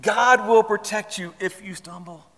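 Pastor, male, higher-pitched, conversational but emphatic sermon delivery, long church reverb. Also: unhurried, a bit bright. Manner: conversational, emphatic preaching that asks the congregation questions.

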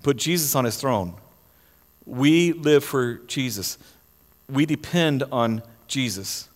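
A man's voice: mid-range voice, animated, takes it slowly, big-room sound. A male pastor preaching a sermon in a church, emphatic, often repeating words and restarting phrases. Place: church sanctuary.

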